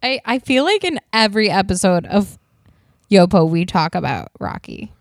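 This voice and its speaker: A woman's voice: medium pitch, sing-song, dry recording. Chatty woman co-hosting a podcast, dry sound. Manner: chatty, quick to correct and explain. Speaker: podcast co-host. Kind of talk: casual chat.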